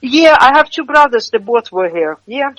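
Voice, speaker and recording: A woman's voice: fairly high pitch, expressive, moderate pace, fairly bright tone, low-quality recording. A woman with a Russian accent, a country singer chatting as a guest in a radio interview, often restarting words and laughing easily. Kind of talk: casual radio interview chat.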